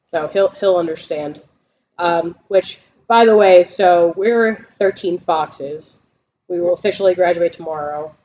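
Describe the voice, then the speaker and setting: A woman's voice: on the low side, measured pace, darkish tone. A woman co-hosting a casual veterans' podcast, telling stories with lots of swearing and laughter. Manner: profane, laughing storyteller. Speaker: podcast co-host, Marine veteran. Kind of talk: casual chat. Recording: dull lo-fi sound.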